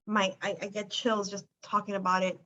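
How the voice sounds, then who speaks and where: A woman's voice: mid-range voice, flat delivery, normal speed, bright, forceful tone, slight background noise. A woman hosting a casual chat about a weight loss program, telling a client story in an emphatic, enthusiastic way. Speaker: weight loss clinic host. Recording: dull lo-fi sound.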